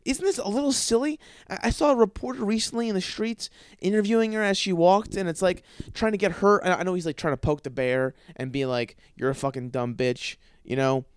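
A man hosting a podcast from his apartment, ranting with constant swearing, stuttering and repeated words, jumping between yelling and mumbling. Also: sits high, steady tone, a little fast, smooth, no room sound, clean studio sound. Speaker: podcast host. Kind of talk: profane ranting monologue. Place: his apartment, in a dark room. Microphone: studio microphone.

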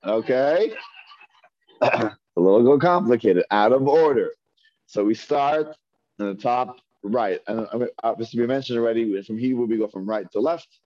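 Slow, patient male Hebrew teacher. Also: mid-range voice, no echo, muffled recording. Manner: patient, sounds out syllables one by one. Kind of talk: classroom lesson. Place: classroom with students. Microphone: earpiece mic.

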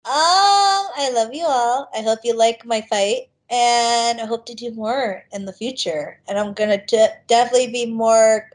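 Giggly high-voiced young woman. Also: measured pace, hardly any pauses. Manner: giggly, animated storytelling. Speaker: guest fighter. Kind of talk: casual interview chat.

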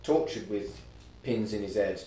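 A man's voice: lowish voice, measured pace, warm tone, very echoey, distant mic. A man chatting casually on a podcast, giving wry, opinionated takes. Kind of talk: casual chat.

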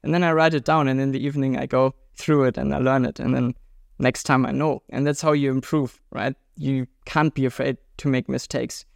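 A man's voice: a little fast, gravelly, no room sound, studio quality. A man in his twenties from Germany with a German accent, talking casually and upbeat as an interview guest. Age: 20s. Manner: upbeat and chatty, pitch jumps up when animated. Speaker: guest, world traveler and juggler.

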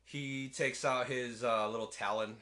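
Bright-voiced man rambling through a recap. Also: medium pitch, steady tone, unhurried. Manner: rambling, laughs often, swears freely. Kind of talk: casual movie recap chat.

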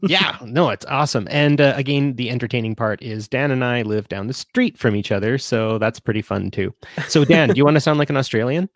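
A man's voice: medium pitch, fairly quick, dry recording, clean studio sound. A man hosting a casual live-stream chat show, rambling with lots of fillers and restarts.

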